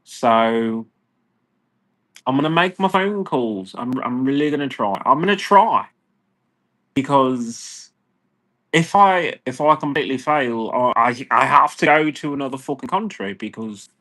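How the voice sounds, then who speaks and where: Brief: man, mid-pitched, ranting vlog monologue, profane and agitated, rambling delivery. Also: fairly bright tone. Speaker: vlogger.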